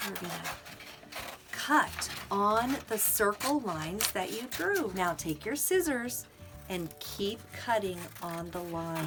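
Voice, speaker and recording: A middle-aged woman teaching young children, animated and sing-song, sometimes dropping to soft whispers. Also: fairly low pitch. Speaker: preschool teacher. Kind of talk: children's lesson and storybook read-aloud.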